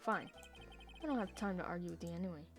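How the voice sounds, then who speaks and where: A woman's voice: lowish voice, fast talker, faint music behind. A woman playing through a game, reading the hero's lines and commenting playfully. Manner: playful, voices all the parts. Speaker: game streamer. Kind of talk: voice-acting a game playthrough.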